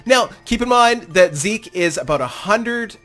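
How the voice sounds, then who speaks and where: An animated man running a game tournament channel, talking casually and a little self-deprecating as he commentates. His voice sits a bit high and swings widely in pitch. Faint game music plays under his voice. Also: unhurried. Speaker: gaming YouTuber hosting a tournament.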